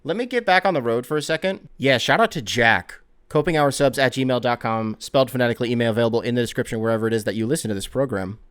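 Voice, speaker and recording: A man's voice: mid-range voice, fast talker, a bit bright, clear, resonant tone. A man hosting a solo sports podcast, telling stories in a rambling, profane, jokey way. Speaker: podcast host.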